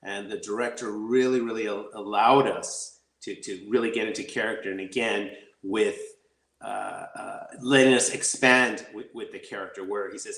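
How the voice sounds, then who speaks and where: Rambling, excitable actor in an echoey room. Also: male voice, fairly low pitch, moderate pace, creaky. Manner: excitable, rambling, laughs easily. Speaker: actor guest. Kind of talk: casual interview chat.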